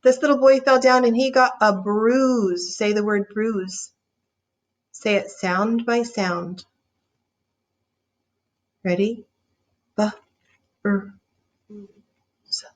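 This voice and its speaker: A woman teaching a reading lesson, sounding out words slowly and encouraging young readers. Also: a little high, fairly even intonation. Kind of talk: slow, clear phonics lesson.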